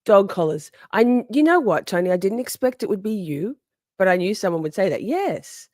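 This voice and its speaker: A woman's voice: mid-range voice, lively intonation, fairly quick, a little mellow, no room sound, clean studio sound. A woman hosting a casual livestream, chatty and sassy, reading out viewer comments, answering them, laughing often and swearing freely. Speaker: livestream host.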